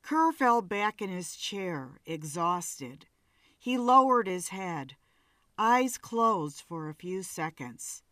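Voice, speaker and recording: A woman narrating a story in a measured, dramatic reading. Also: fairly low pitch, very animated, fairly bright tone, dry recording.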